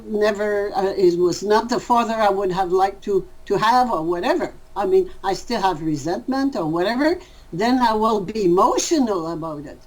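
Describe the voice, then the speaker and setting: A woman answering interview questions in a thoughtful way, pausing often to rephrase her words. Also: medium pitch, rough recording.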